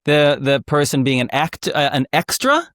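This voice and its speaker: A man hosting an interview in a relaxed way, asking thoughtful questions with pauses and fillers. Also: a little high, no room sound, studio quality. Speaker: host. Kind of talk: casual interview.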